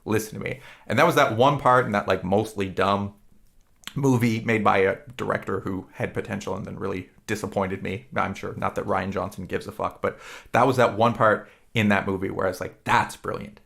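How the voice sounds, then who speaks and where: Podcast co-host, male, low gravelly voice, rambling and profane. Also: fairly even intonation, fairly bright tone. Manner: rambling, profane, retells scenes with quick impressions. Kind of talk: casual podcast chat.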